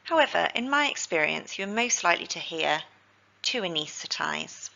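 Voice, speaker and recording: A woman, teaching healthcare vocabulary in a scripted lesson, with slow, careful pronunciation drills. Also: fairly low pitch, very animated, gravelly, sharp tone, muffled recording.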